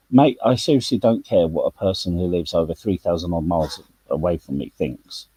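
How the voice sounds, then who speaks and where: A man talks bluntly and jokes in a casual online chat, sitting low in his register. His tone is dark and relaxed, and the sound is dry, with no room around it. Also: normal speed, dry recording, muffled recording. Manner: blunt, jokey, slips into Cockney slang. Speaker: YouTube channel host.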